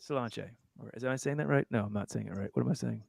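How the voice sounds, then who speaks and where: A man co-hosting a live whiskey tasting in a casual, excitable, joking way. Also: medium pitch, rapid-fire, vocal fry, dry recording. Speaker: host.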